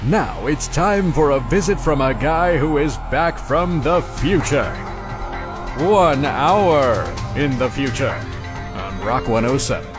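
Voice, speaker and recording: A male station announcer reading a radio promo in a measured voice. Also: medium pitch, expressive. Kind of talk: radio imaging voice-over. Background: music.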